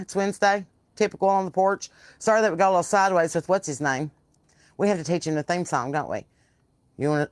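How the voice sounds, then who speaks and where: She's a Southern US podcast host with a deep voice, heard on a dry recording. Sitting outdoors on her porch, she leads a casual live chat and tells animated stories loaded with salty language and frequent swearing.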